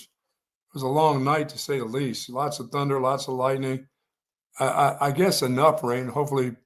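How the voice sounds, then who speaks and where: A male sports radio co-host who talks in a loose, rambling way. He stammers and circles back over the same words in easy morning chat. His pitch sits in a middling range. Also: fairly bright tone. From Pennsylvania. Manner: rambling, repeats himself, stammers. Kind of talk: casual morning show chat.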